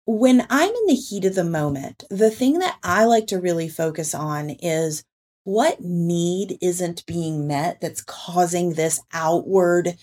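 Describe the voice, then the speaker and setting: Lower-voiced woman explaining parenting tips. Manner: explanatory, animated, quotes people in put-on voices. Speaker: podcast host and parenting author. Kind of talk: casual podcast chat.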